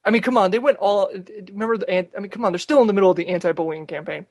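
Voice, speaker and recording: A man's voice: high voice, rapid-fire, no room sound, studio quality. A man hosting a casual podcast, wisecracking and cutting in with one-liners. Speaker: podcast host. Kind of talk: casual chat.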